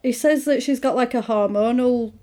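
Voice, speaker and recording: Speaking at a moderate pace in a slightly high voice, a woman chatting casually recounts a movie's story. She animatedly performs the characters' lines, giving each its own quoted voice.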